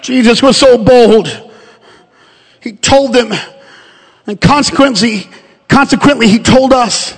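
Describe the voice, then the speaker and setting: A male pastor preaching a sermon, shifting from calm storytelling to loud, shouted exhortation. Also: extremely high pitch, slow, long pauses, slightly rough, big-room sound.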